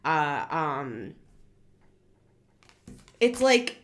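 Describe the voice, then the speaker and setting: A woman's voice: animated, slow pace, long pauses. A woman in her thirties giving a blunt, scolding tarot reading in a casual monologue. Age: 30s. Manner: blunt, scolding, emphatic with sudden high outbursts. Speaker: tarot reader.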